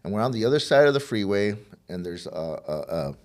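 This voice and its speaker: A man's voice: fairly low pitch, expressive, brisk, darkish tone. A middle-aged man, a podcast guest, telling a personal story of addiction and recovery, rambling and repeating words as he acts out old conversations.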